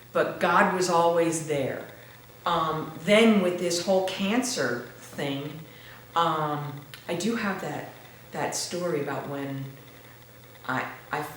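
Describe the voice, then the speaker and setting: A woman giving a halting, earnest personal testimony in a church interview, often restarting her words. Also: sits low. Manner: slow and earnest, turning tearful when moved. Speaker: interview guest. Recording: very echoey room with faint noise.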